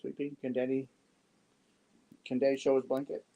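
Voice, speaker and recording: A man's voice: medium pitch, completely flat delivery, moderate pace, dark tone. A man hosting a crochet livestream, chatting casually, reading viewer comments and cooing to his cats. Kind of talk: casual chat while crocheting.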